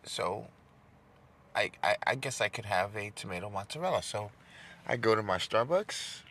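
A young man tells a casual, self-deprecating story, stumbling over and repeating his words. His voice sits low yet comes across bright and forceful. A faint hum of background noise runs under him. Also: expressive, normal speed. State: emotional, voice dropping.

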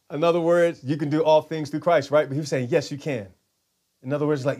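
A man's voice: fairly high pitch, moderate pace, pauses often, a little mellow. A man preaching a sermon in a conversational way, often repeating words and having the congregation say lines back. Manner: conversational, repeats words, leads call-and-response.

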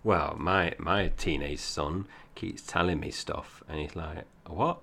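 Low gravelly man with slight Cockney. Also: steady tone, a little slow, fairly bright tone. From Essex, England. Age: 40s. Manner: chatty, rambling, laughs often. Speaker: podcast co-host. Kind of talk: casual chat.

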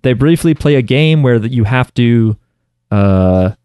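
A man's voice: mid-range voice, expressive, unhurried, warm tone, clear, resonant tone, no echo, clean studio sound. A man co-hosting a podcast, recapping an anime in a casual, rambling way with lots of fillers and restarts. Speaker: podcast co-host.

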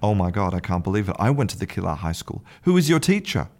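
A man voicing an excited young male drunk at a bar, speaking high and eager with amazement in a spoken joke. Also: fast talker. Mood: amazed.

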